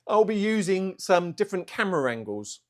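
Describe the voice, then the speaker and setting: Indoors at home, a man records an unscripted art channel vlog, talking to camera with self-awareness. His high-pitched voice swings widely in pitch, and though he aims for slow, deliberate speech, fillers still find their way in.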